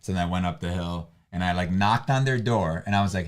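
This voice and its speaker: A man's voice: low-pitched, fast talker. A man co-hosting a livestream, talking casually and rambling with many restarts and fillers. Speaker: livestream co-host. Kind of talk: casual chat.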